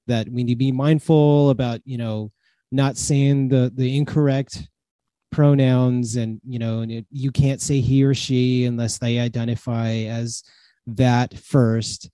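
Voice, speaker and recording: A man's voice: medium pitch, fairly even intonation, a little slow, mellow, no echo. A man talking as a guest in a casual chat, hesitant and full of fillers.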